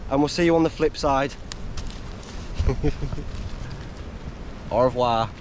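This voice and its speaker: A man's voice: medium pitch, takes it slowly, a little hiss or hum. A man vlogging casually outdoors in the woods, talking to his dog, enthusiastic and swearing now and then. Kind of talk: casual outdoor vlog talk.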